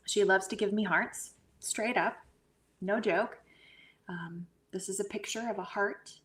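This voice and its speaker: A woman talking in a relaxed, gushing way about pictures and energy, speaking over a remote call. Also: medium pitch, measured pace. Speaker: guest medium. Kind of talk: casual podcast chat.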